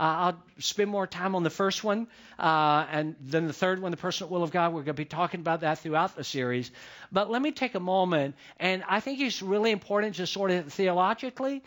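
High-voiced pastor preaching conversationally. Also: male voice, a bit bright. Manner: conversational, repetitive, engages congregation directly. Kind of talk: sermon.

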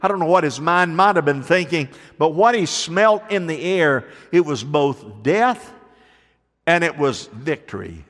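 A man preaching a sermon, telling folksy stories and slowing down to drive points home. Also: a little high, lively intonation, a bit bright, long reverb tail. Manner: folksy storytelling preacher, slows for emphasis. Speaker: pastor.

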